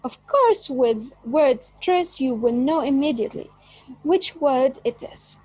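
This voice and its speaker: A woman teaching an English lesson, speaking deliberately and stressing key words. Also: high voice, expressive, darkish tone, husky, no echo, poor audio. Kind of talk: slow explanatory lesson.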